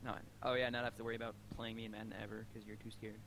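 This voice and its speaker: A man's voice: fairly low pitch, level tone, very fast, fairly bright tone, a little hiss or hum, rough recording. A young man in voice chat, teasing and bossing his friend around in casual banter.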